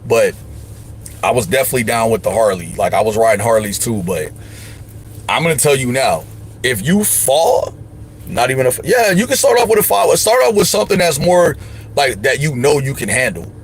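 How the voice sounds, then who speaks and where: A man talking casually on a livestream, leaning hard on his points with lots of slang. He hands out advice in a loose, emphatic way, his voice at an ordinary middle pitch. A faint noise sits underneath. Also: big pitch swings, normal speed. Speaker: livestream host.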